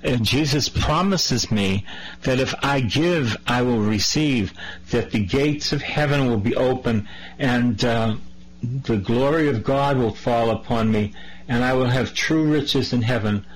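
A man preaching a sermon, reading scripture and then talking it through in a plain, conversational way. His pitch sits in an ordinary middle range, and his explanations come with some false starts. A faint hum runs underneath the recording. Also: unhurried, rough recording.

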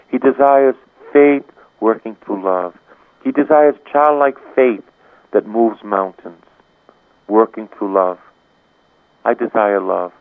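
Man, preacher, charismatic sermon, low voice, repeats phrases, swings from hushed to soaring, thin phone-like radio sound. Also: gravelly. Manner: impassioned, repetitive preaching with surging rises and hushed drops. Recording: tinny phone-like radio broadcast.

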